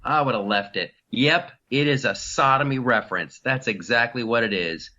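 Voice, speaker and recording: A man's voice: medium pitch, normal speed, bright, forceful tone, dull audio. A man hosting a comedy podcast, riffing in a casual, mocking way and mimicking politicians.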